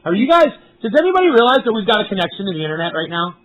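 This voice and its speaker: A man's voice: high voice, very animated, racing, fairly bright tone. A man chatting casually on a live stream from up on a mountain, rambling, swearing freely and talking to his viewers. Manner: rambling, profane, talks to chat viewers. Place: outdoors up on a mountain. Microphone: cell phone. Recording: tinny phone-quality stream audio.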